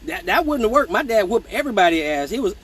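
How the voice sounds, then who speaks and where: A man telling profane childhood stories in a casual live stream, animated and mimicking voices, with hiccups. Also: sits high, fast talker, breathy edge, low-quality recording. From Michigan. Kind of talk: casual storytelling.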